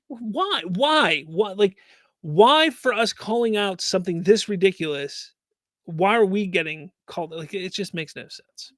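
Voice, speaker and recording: A man hosts a live stream from a home setup and rants about fan news with exasperated, rhetorical questions. His voice sits high for a man. It is picked up close on a mic with a dry, dead sound. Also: lively intonation, moderate pace, dry recording. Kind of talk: live stream talk, reading chat comments.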